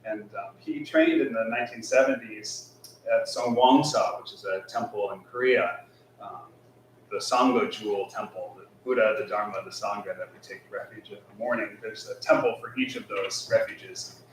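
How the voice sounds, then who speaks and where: A man who teaches school, talking casually at a temple service, halting with many fillers and soft laughs. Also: fairly low pitch, expressive, a little hiss or hum. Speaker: guest speaker, schoolteacher. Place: temple hall. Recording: echoey hall, mic from far off.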